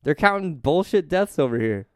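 A man's voice: fairly high pitch, expressive, normal speed, no echo, clean studio sound. A man co-hosting a podcast in casual profane chat, laughing often and riffing on numbers and jokes. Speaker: podcast co-host.

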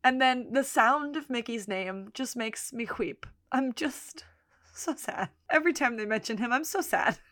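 A woman co-hosting a podcast, casually recapping episodes and slipping into quick voices for the characters. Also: a little high, no echo, clean studio sound. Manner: retells scenes, quoting characters in lively voices. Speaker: podcast co-host.

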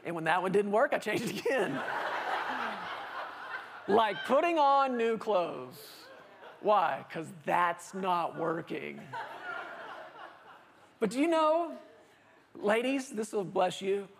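Animated male preacher telling stories. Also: high-pitched, slow, gravelly, pauses often, noisy background. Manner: animated storytelling preacher, acting out dialogue with laughter. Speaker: pastor. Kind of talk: sermon.

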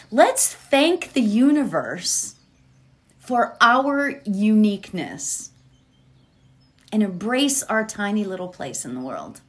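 A woman giving a slow, gentle inspirational talk that moves into a guided meditation. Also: medium pitch, big pitch swings. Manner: slow, gentle, drawn-out phrasing with soft laughs. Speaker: spiritual speaker leading a meditation.

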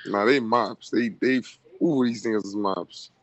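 A young man in casual chat, talking in slang and throwing in quick reactions. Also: lowish voice, highs cut off.

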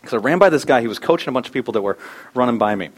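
A middle-aged male pastor preaching a sermon, telling a personal story with animated shifts and acted-out quotes. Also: medium pitch, very fast.

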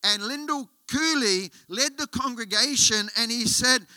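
Bright-voiced Australian preacher. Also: male voice, very high-pitched, unhurried, hardly any pauses, no echo. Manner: storytelling preacher who builds to emphatic, rising appeals. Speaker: guest pastor. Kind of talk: sermon. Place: church auditorium.

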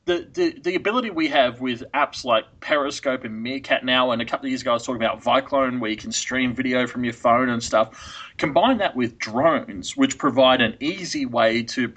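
A man's voice: medium pitch, a little fast, a bit bright. A man co-hosts a casual chat podcast, eager and exclaiming as he talks. His voice sits in a mid range. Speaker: podcast co-host.

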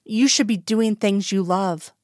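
A woman reading the part of a worried older mother, soft-voiced but insistent and pleading. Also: mid-range voice, measured pace, no room sound, clean studio sound, lightly acted.

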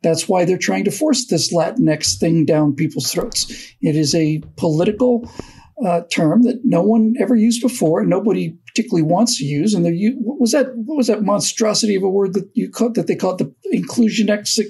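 A man giving political commentary on a talk show, speaking haltingly and often repeating words as he restarts sentences. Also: high-pitched, vocal fry, darkish tone, husky. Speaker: co-host and commentator.

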